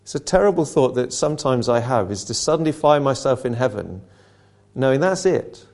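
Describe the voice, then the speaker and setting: A man's voice: medium pitch, lively intonation, brisk, darkish tone. A male preacher giving a conversational sermon that retells a story and asks earnest rhetorical questions.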